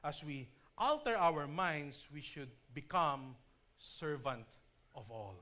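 Emphatic preacher man, slightly high voice. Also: lively intonation, sharp tone. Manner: emphatic, stretching key words slowly; repeats words and restarts while explaining. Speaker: pastor. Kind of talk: sermon. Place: church.

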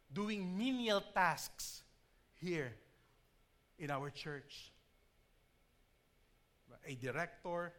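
A man delivers a sermon as pastor, his voice pitched a little higher than most men. He is emphatic, slowing right down to stretch out the words he wants to land. He often repeats and restarts phrases as he explains a point. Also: a bit bright. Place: church.

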